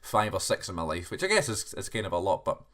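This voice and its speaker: Lowish-voiced rambling podcast host. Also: male voice, very animated, quick pace, fairly bright tone. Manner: chatty and rambling, self-deprecating with restarts. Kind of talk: solo podcast cold open.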